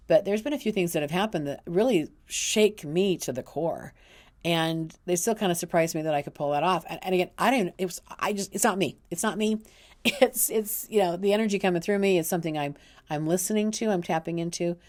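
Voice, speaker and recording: A woman's voice: lowish voice, fairly quick, a little mellow. A middle-aged woman, an intuitive counselor, telling a personal story in a casual, earnest way, often restarting and repeating words.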